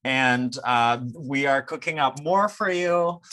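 A man's voice: mid-range voice, slow pace, pushed and bright. A man with a Dutch accent, talking eagerly as a podcast guest in casual chat, with many fillers. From Netherlands. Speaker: podcast guest, drag performer.

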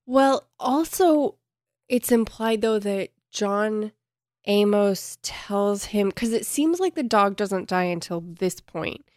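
A woman's voice: mid-range voice, lively intonation, slow pace, dry recording, clean studio sound. A woman in casual conversation about a book, talking bluntly and emphatically.

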